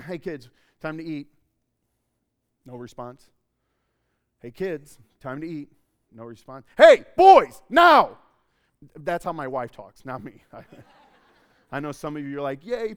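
A male pastor preaching a sermon in a church, conversational and joking, with sudden loud bursts of emphasis. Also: on the high side. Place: church auditorium.

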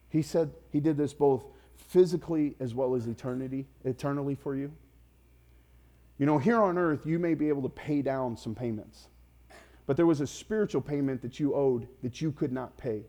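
A male pastor in his thirties delivering a sermon. His voice sits a little high but has a warm, mellow tone. He talks straight to the congregation, firing questions and climbing to loud, passionate emphasis. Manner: impassioned, rising to loud emphatic peaks.

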